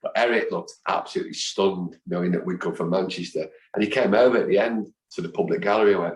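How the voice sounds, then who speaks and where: A man in his fifties with a low, deep voice tells stories in a lively way, acting out the voices of the people he quotes. He sounds like an interview guest chatting casually. The recording carries a noticeable echo from the room. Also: fast talker, few pauses, slight background noise. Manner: animated storyteller who acts out quoted voices. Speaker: guest, football fan. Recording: echoey room.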